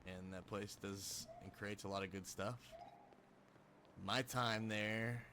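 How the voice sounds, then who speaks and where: Chill streamer guy, kinda low voice, rambling and cussing a lot, little hiss behind. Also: fairly even intonation, slow, pushed and bright. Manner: laid-back, rambling, profane. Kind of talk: casual chat with viewers.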